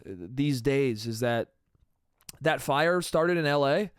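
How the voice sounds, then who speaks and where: A man's voice: mid-range voice, animated, takes it slowly, clear, resonant tone, dry recording, studio quality. Young guy ranting on a solo podcast. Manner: loose and profane, ends phrases with "dude" and "bro". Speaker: podcast host. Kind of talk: solo comedy podcast rant.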